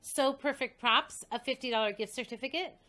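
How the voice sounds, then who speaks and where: A woman host excitedly reading out a list of prizes, coughing and short of breath. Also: sits high, fairly quick. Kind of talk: casual livestream announcement.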